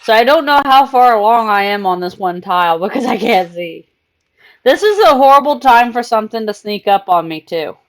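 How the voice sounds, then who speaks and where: A woman's voice: fairly high pitch, expressive, moderate pace. Chatty woman streamer cooing at her cat. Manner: coos baby talk to her cat between game chatter. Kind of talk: casual live game-stream chat.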